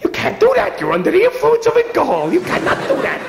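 A man voicing a pompous, panicky male vice president who pleads in a high, fussy voice. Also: sing-song, fairly quick, crowd noise. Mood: indignant. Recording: roomy echo.

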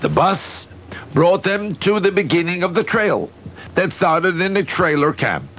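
A man reading a children's story aloud, lively and expressive, with occasional fillers. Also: on the high side, a little hiss or hum, rough recording.

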